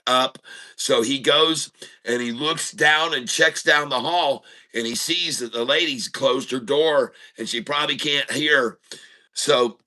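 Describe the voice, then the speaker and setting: A man's voice: medium pitch, pushed and bright, low-quality recording. A middle-aged man hosting a casual livestream, telling jokes and chuckling at his own punchlines. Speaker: host of a trading stream.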